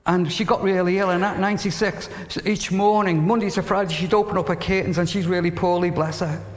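An earnest man preaching a sermon in a slightly higher voice. He tells stories with emphasis and sinks to a hush at tender points, his words trailing into the long echo of a large hall. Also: steady tone, a little fast. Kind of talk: sermon with storytelling. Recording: reverberant hall.

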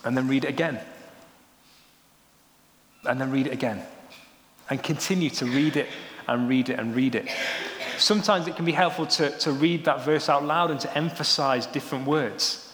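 A young adult man preaching a sermon, with animated storytelling and a lively manner. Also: mid-range voice, moderate pace. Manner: animated storytelling, rising excitedly when joking. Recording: roomy hall with long reverb.

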